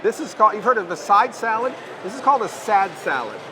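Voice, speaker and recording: A horror show host riffs his way through comedy banter, halting and restarting as he jokes. His voice is a man's, slightly on the high side, with a clear layer of background noise behind it. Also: lively intonation. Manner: rambling, halting, jokey.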